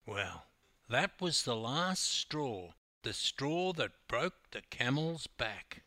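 A man's voice: medium pitch, expressive, unhurried, pushed and bright, no echo. An older man with an Australian accent, a swimming coach telling a story with wry humor. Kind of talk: storytelling narration.

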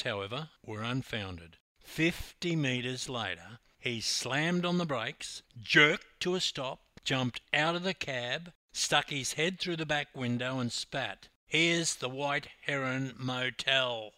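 A man's voice: mid-range voice, bright, forceful tone, no room sound. An older man with an Australian accent, a swimming coach telling a story with wry humor. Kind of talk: storytelling narration.

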